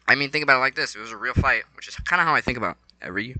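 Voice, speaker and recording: A young man recaps fight night in a loose, rambling vlog voice. His tone is very bright and sits at an ordinary middle pitch. He stays excitable and slangy, dropping to mumbles and then leaping into loud outbursts. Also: racing, dry recording, poor audio. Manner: excitable, slangy, swings between mumbling and shouting. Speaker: vlogger.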